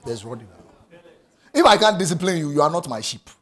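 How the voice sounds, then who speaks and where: A man in delivers a sermon with a husky edge. His voice sits high and swings widely. He drops to low asides, then rises into shouted prayer. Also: big pitch swings, fairly quick. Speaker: pastor.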